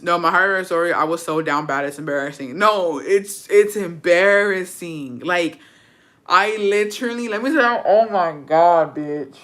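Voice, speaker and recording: Brash, bright-voiced young woman. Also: on the low side. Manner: brash, profane and dramatic, mixing in Spanish. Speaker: vlogger. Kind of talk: casual storytime chat.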